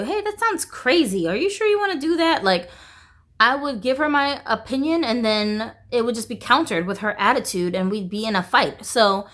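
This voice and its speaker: A woman's voice: a little high, fairly bright tone. Candid, rambling woman vlogger. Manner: candid, rambling, heavy use of "like", swears freely. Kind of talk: casual chat.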